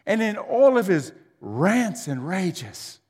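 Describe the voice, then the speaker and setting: A man preaching a sermon with dramatic delivery, swinging from loud declarations to near whispers. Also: sits high, very animated, takes it slowly, slightly rough. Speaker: pastor. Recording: long hall reverb.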